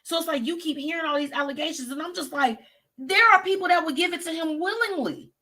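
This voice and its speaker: Sassy bright-voiced woman host. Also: very high-pitched, fast talker. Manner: sassy, chatty, talks straight to listeners. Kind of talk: live show gossip commentary.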